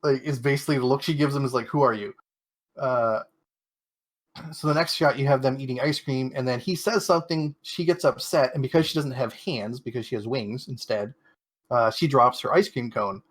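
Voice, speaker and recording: A man's voice: mid-range voice, steady tone, brisk. Rambling young man recapping a show. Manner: rambling plot recap with many fillers and quoted asides. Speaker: podcast co-host. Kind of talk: casual chat recapping an anime episode.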